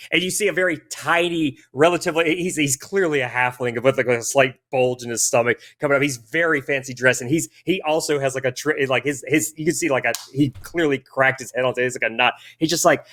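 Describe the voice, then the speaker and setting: A man acting as game master who narrates a tabletop game, improvising in halting bursts with many restarts. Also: mid-range voice, a bit bright.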